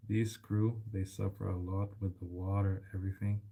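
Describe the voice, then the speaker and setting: A man's voice: deep voice, flat delivery, moderate pace, gravelly, narrow, tinny audio. A young man, chatting casually while repairing a bike in his shop, rambling and calling the listener man and bro. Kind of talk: casual chat while working.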